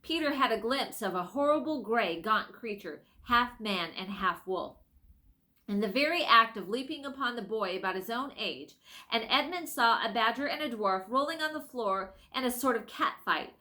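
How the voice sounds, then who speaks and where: A woman narrating a storybook chapter in a measured, expressive way. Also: a little high. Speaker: audiobook reader. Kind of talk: scripted narration.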